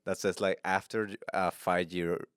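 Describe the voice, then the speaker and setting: Laughing man with a smooth voice. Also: deep voice, flat delivery, a bit bright, no room sound, studio quality. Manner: halting, laughs often, switches into Spanish for bits. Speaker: podcast host. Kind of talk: casual podcast chat.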